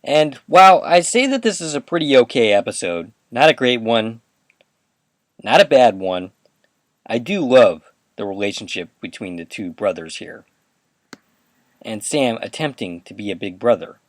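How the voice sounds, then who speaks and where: A man's voice: mid-range voice, normal speed, no echo. A man hosting a rewatch podcast, casually recapping an episode scene by scene and quoting the characters' lines. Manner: casual, animated retelling with quoted dialogue. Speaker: podcast host.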